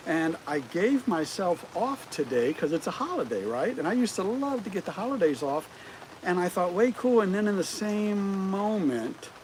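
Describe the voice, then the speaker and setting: Lively man streaming in rain. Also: fairly high pitch, low-quality recording. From United States. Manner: animated, keeps asking the viewers rhetorical questions. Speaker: livestream host. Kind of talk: casual livestream chat. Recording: rain noise clearly audible outdoors.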